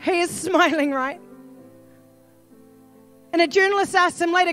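A woman pastor with a New Zealand accent preaching a sermon, earnest and pleading, building at times to shouts. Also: very high voice, a little slow, long pauses, soft background music.

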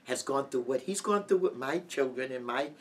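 A middle-aged woman giving a heartfelt personal testimony as an interview guest, halting and full of restarts. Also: a bass voice, lively intonation. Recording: distant mic with light background noise.

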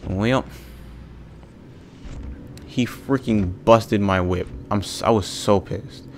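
A man's voice: fairly low pitch, takes it slowly, slight background noise. A young man hosting a let's play, exasperated and ranting at the game, swearing often. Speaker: gaming video host.

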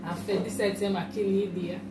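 A woman's voice: medium pitch, level tone, fast. A woman with a Jamaican accent chatting casually in patois, chiming in and finishing the storyteller's sentences. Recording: distant, roomy, with background noise.

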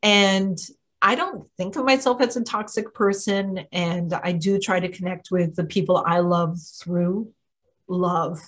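A middle-aged woman hosting a live spiritual Q&A, telling a personal story in a chatty, animated way and acting out what others said. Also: lowish voice, measured pace. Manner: chatty, animated, acts out quoted voices, frequent "um" and "like". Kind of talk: casual storytelling talk.

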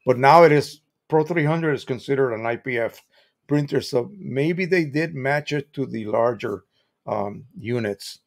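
A man's voice: medium pitch, a little slow, creaky. An American man hosting a live stream, explaining printing in a chatty, casual way with examples and restarts.

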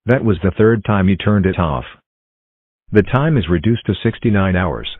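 Bjornbot, a man voicing a stern low robot. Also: normal speed, dry recording. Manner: flat, robotic and threatening. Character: stern robot error figure, male, grows angry. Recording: dry, phone-like tinny sound.

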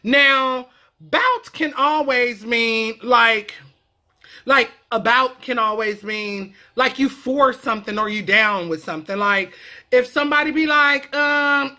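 A woman's voice: on the high side, moderate pace. A woman from California talking in a playful, slangy way as a comedic vlogger teaching a lesson. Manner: playful, animated, slangy, jumps into character voices.

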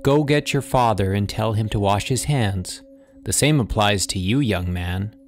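A man's voice: on the low side, measured pace, faint music behind. Fussing, anxious housewife, read by a man. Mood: bossy. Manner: sharp, fussing and scolding. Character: anxious suburban housewife and mother. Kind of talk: audiobook character voice.

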